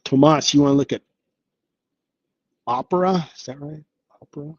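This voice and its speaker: A man's voice: on the high side, level tone, fast, dull audio. A man hosting an investing live stream, talking casually and upbeat, thinking aloud with lots of fillers. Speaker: investing channel host.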